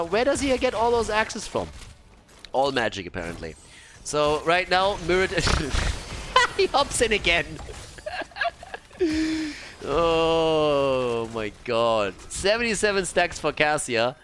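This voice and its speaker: An excitable male esports caster calling a match play-by-play, laughing often and swearing casually. His fairly high voice swings widely in pitch, with a bright, forceful edge. A faint hum sits under the voice. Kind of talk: play-by-play commentary.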